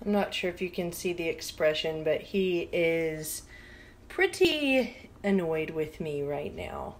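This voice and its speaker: A woman in a casual home video, softly cooing tender pet talk to her cat. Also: low-pitched, very animated, slow pace, slight background noise. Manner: soft and tender. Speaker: vlogger talking to her cat.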